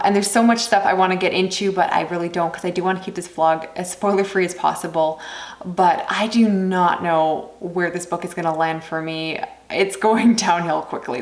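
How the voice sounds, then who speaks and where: A young woman vlogging about what she is reading, casual and animated, with strong reactions. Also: mid-range voice, roomy sound. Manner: animated, exasperated ranting. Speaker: book vlogger.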